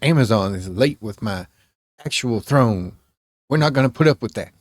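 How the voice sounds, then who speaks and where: A man co-hosting a podcast who keeps dropping short, sarcastic quips into the chat. He speaks at a middle pitch in a relaxed, casual manner. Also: normal speed, dry recording, studio quality. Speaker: podcast co-host.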